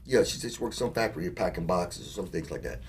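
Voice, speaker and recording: Low-voiced man telling stories, mic far off. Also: fast talker. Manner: animated, profane, acts out quoted dialogue. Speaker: talk show co-host. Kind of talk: casual storytelling chat. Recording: distant mic with faint background noise.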